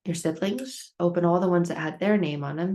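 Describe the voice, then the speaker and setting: A woman's voice: lowish voice, fairly quick, warm tone. A woman self-help speaker giving a motivational talk, storytelling with repeated, building phrases. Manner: storytelling with repetitive build-ups.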